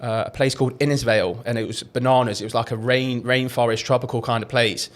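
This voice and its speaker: Fast-talking young man telling stories. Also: mid-range voice, fairly even intonation. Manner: rambling storyteller, swears freely. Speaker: podcast co-host. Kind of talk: casual chat.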